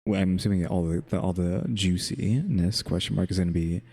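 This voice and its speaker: A man's voice: low voice, fairly even intonation, fairly quick, mellow, slightly rough. A man co-hosting a casual commentary chat, musing aloud and posing wry rhetorical questions. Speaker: co-host.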